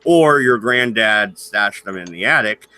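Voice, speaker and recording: A man's voice: on the low side, lively intonation, a little slow, pushed and bright, no room sound. A man hosting a casual stream, joking and laughing often while he chats with his co-hosts. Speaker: stream host. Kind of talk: casual banter chat.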